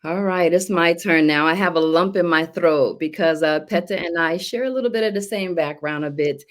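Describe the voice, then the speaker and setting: A middle-aged woman speaks slowly and earnestly, clearly moved as she shares her story with a panel. Her voice sits fairly low. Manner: emotional, slow and earnest. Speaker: business testimonial speaker. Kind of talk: personal testimony on a panel.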